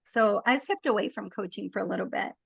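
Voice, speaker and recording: A middle-aged woman coach as a podcast guest, speaking reflectively with halting pauses. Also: medium pitch, creaky, husky, dry recording. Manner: warm agreeing, then reflective and halting. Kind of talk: casual interview chat.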